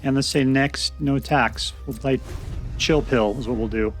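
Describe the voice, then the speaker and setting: A man's voice: mid-range voice, steady tone, normal speed, soft background music. A man giving casual, joking commentary to himself as he plays a card game. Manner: chatty, joking, talks to himself while playing. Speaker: gameplay commentator.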